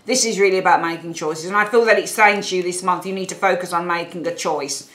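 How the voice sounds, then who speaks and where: A woman's voice: on the low side, steady tone, fast talker, a bit bright. Chatty British woman reading tarot. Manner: rambling, chatty, restarts and asides to viewers. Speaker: tarot reader. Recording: echoey room.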